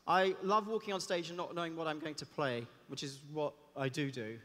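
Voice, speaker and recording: A man, a cellist giving a lively talk on stage, chatty and joking in asides. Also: fairly high pitch, brisk. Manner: chatty, self-deprecating, jokey asides. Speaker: conference speaker and cellist. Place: large hall on stage. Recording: long reverb of a big hall.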